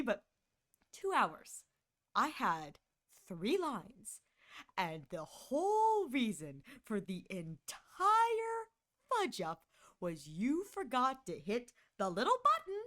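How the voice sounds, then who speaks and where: A woman streamer tells a story over a condenser mic, her voice bright and set a little high. Her pitch leaps and dips all over as she talks, exasperated and animated. She rushes some phrases and stretches others out. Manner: animated and exasperated, swings between quick and drawn-out. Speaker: streamer and voice actor.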